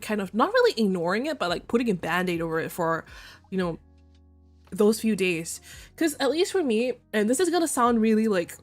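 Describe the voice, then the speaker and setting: A young woman chatting on a stream in a candid, rambling way, swearing freely and now and then jumping into shrill excited bursts. Her pitch sits in an ordinary middle range, and soft music plays faintly behind her. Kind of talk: casual chat.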